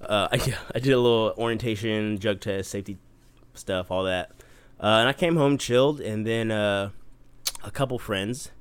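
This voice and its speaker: A man's voice: lowish voice, normal speed, smooth. A man in his twenties co-hosting a podcast, chatting casually with dry, sarcastic jokes. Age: 20s. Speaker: podcast co-host. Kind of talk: casual chat.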